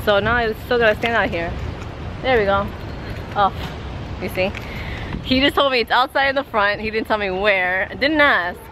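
A woman vlogging her family day, talking in an expressive, excitable way and dropping in Spanish phrases. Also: mid-range voice, normal speed, pauses often, background noise. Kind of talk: casual daily vlog. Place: home, then outside in a parking lot.

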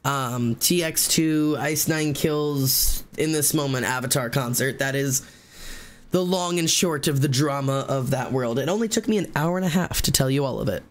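A man streaming live, telling a long story in casual chat, rambling and fast with many fillers and restarts. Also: mid-range voice.

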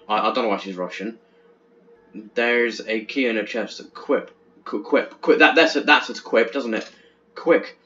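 A young man commenting on a horror game as he plays, chatty and jumpy, stammering when he gets excited. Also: on the low side, a little slow, long pauses. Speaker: gaming channel host. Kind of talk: let's play commentary. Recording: dull lo-fi with faint hiss.

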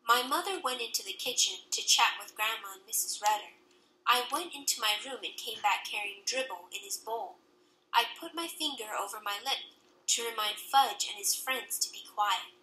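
A woman with a very bright, slightly high voice tells a children's story in the first person, lively and animated. She slips into voices for the characters. The sound is roomy, with a clear echo around her. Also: moderate pace. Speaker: audiobook narrator. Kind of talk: children's audiobook narration.

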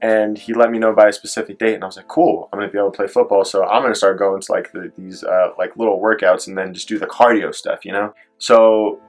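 A man's voice: fairly low pitch, flat delivery, fast talker, hardly any pauses, faint music behind. A young man telling a personal story in a vlog, rambling with lots of filler words and acting out what people said. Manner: rambling retelling, heavy on filler "like"; acts out quoted voices in his story. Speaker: vlogger.

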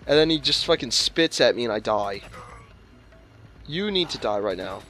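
A man's voice: medium pitch, lively intonation, brisk, fairly bright tone. A man playing a video game and commenting casually, swearing often and snapping back at the game with exasperated outbursts. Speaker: let's play gamer.

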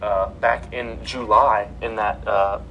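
Male podcast host, low voice, reads news with filler words, slight background noise. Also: fairly even intonation, slow pace, sharp tone, low-quality recording. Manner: reads headlines with many fillers. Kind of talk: casual sports news chat.

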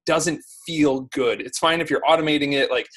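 A man on a podcast talks in an animated, rambling way, dropping "like" into nearly every sentence. His voice sits a little high for a man. It sounds like an easygoing conversation. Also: normal speed, husky. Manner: animated, lots of "like" fillers. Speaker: podcast guest. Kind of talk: casual conversation.

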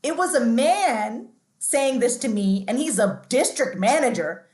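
A woman's voice: fairly high pitch, expressive, unhurried, a little mellow, reverberant. A woman guest on an interview podcast, telling stories in a chatty, candid way, often restarting and saying "like".

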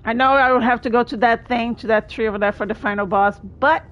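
A woman streamer commenting live on her gameplay, excitable, often yelping and laughing. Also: on the high side, fast talker, muffled recording. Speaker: streamer playing a video game.

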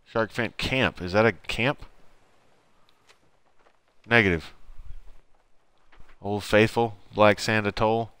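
A man's voice: lowish voice, steady tone, slow pace, long pauses, a bit bright, clear, resonant tone, dry recording. A man streaming live gameplay, talking to himself with frantic exclamations and swearing.

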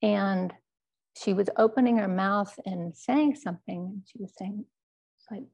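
A woman Zen teacher telling a personal story in a dharma talk, speaking in a quiet, measured, halting way. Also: medium pitch, creaky.

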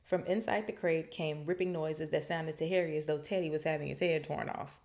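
A woman podcast host reading a novel aloud and breaking off for chatty, animated asides. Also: low voice, a little fast. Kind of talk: reading aloud with casual commentary.

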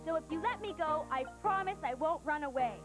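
A tiny, brave mouse with a squeaky, very high voice, as a woman puts him on. He argues boldly and sensibly in a children's storybook, with music playing behind him. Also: animated, brisk.

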